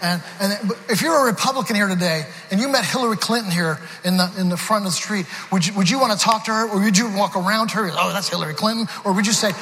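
High, bright-voiced preacher in a big hall. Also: male voice, fast, few pauses. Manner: storytelling with laughs, many restarts. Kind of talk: sermon. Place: large church hall. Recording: reverberant hall with crowd noise.

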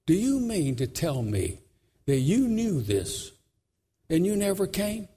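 A preacher voicing a grieving young man, husky. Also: high-pitched, wildly swooping pitch, slow, warm tone, full character voice. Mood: anguished. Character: grieving young tribal man, earnest and questioning.

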